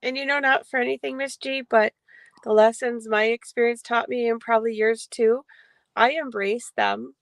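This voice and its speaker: Woman co-host, slightly high voice, reflective, dry close recording. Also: expressive, normal speed, dry recording. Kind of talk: casual chat.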